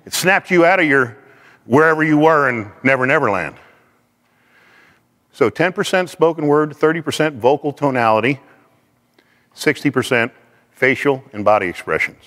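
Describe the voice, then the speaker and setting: Man, animated teaching voice, acts out quotes, echoing hall. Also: mid-range voice, moderate pace, long pauses. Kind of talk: teaching talk to a class. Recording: long hall reverb.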